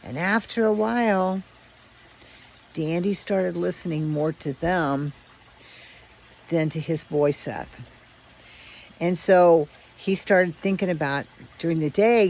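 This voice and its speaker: A woman telling a children's story aloud in a relaxed, conversational way with frequent restarts. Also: deep voice, rough recording. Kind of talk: casual oral storytelling.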